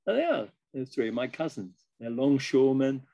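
Older man with a gravelly storytelling voice. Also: medium pitch, a little fast. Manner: lively anecdotal storyteller, slips into quoted voices. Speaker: guest musician. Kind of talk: casual storytelling.

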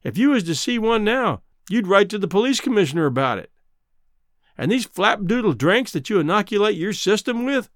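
A man reading aloud and voicing a gruff Western cowhand who scorns city ways, with a folksy, blustering drawl and rough slang. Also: high voice, no echo, clean studio sound, pitched above the performer's own voice. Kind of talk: dramatic reading of a short story.

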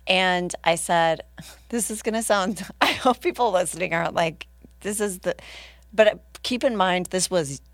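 Woman guest, slightly low voice, close dry mic; animated anecdote teller. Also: a little slow, dry recording. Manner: animated, laughing, acts out other people's lines. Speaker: podcast guest. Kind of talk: casual storytelling.

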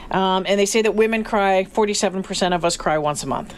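A woman's voice: medium pitch, fast talker, hardly any pauses, slight background noise. A woman co-hosting a radio talk show, chatting casually and reading out survey figures. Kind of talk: casual on-air chat.

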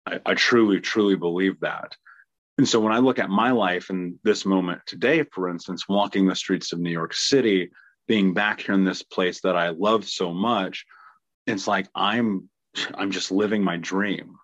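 A man's voice: sits low, normal speed. A man in his thirties hosting a podcast, talking earnestly and heartfelt about his own journey in a reflective monologue. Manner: earnest, heartfelt, occasional laughs. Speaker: podcast host, trauma healing coach. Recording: muffled lo-fi dry sound.

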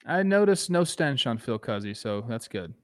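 A man's voice: mid-range voice, sing-song, moderate pace. Laid-back man making teasing remarks. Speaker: podcast co-host. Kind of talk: casual sports chat.

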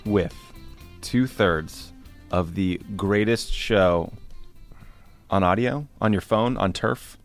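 A man's voice: low-pitched, takes it slowly, pauses often, soft background music. A man guest-hosting a podcast in a studio, introducing the crew in an upbeat, earnest way. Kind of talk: casual studio chat.

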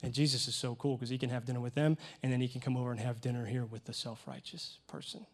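A man preaching as a youth pastor, telling stories earnestly and emotionally, with sudden loud rises. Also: mid-range voice, flat delivery, fast talker. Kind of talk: preaching a sermon.

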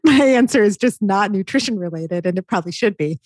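A woman co-hosting a casual chat, an animated storyteller who laughs often. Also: mid-range voice, fairly quick, no echo. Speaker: podcast co-host.

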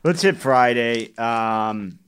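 A man's voice: medium pitch, takes it slowly, fairly bright tone, smooth, no room sound. A man co-hosting a casual podcast chat about crossword puzzles, telling anecdotes and laughing often. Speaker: podcast co-host.

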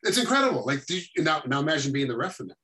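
A middle-aged man, a combat sports referee, telling animated stories in a casual chat and acting out what people said. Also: fairly high pitch, racing, slight background noise, rough recording. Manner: animated storytelling, acting out quotes. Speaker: MMA referee, guest.

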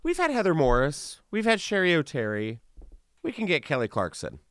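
A man hosting a podcast, telling animated stories with playful asides in casual chat. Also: fairly high pitch, normal speed, no room sound. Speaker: podcast host.

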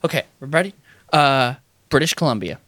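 A man's voice: medium pitch, lively intonation, fairly quick, a bit bright. A man co-hosting a podcast in casual chat, joking around and slipping into playful impressions. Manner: jokey, slips into playful Midwest impressions. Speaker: podcast co-host.

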